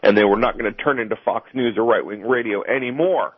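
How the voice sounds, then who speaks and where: Radio guest, man, low husky voice, rapid delivery, dry sardonic wit, lo-fi broadcast. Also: no room sound. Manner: wry, sardonic commentary. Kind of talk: political talk radio chat.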